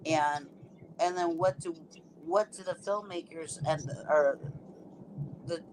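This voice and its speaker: A woman with a lowish voice joins a casual film chat. She speaks slowly and thinks aloud, often restarting a sentence before finishing her point. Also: noisy background.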